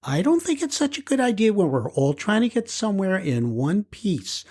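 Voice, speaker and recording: A man's voice: sits high, very animated, normal speed, darkish tone, husky, voice pushed up, exaggerated voice. Man voicing a nervous, fretting space mom. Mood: fretful. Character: worried mother on a family rocket trip. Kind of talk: audiobook character voice.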